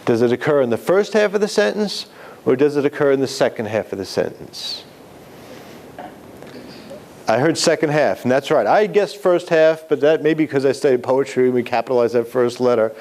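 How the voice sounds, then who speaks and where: A man's voice: medium pitch, expressive, normal speed, darkish tone, slight background noise. A man teaching a class on writing, talking conversationally and putting questions to the audience. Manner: conversational, self-correcting, asks the audience questions. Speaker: writing instructor. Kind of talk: lecture to students.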